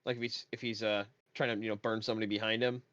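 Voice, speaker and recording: Low-voiced man, dull lo-fi sound. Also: flat delivery, rapid-fire, a bit bright, no room sound. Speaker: player. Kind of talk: casual tabletop game chat. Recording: dull lo-fi dry mic.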